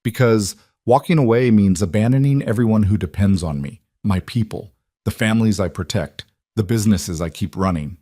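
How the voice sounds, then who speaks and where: A man voicing a weary male crime boss who speaks calmly, in clipped commands. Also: fairly low pitch, moderate pace, no echo, clean studio sound, lightly acted.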